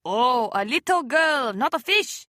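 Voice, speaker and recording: A woman's voice: high voice, expressive, sharp tone, dry recording, studio quality, heavily acted. A woman playing a mocking, dripping fisherman. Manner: teasing, drawn-out. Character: wet, panting adult fisherman, mocking and rough.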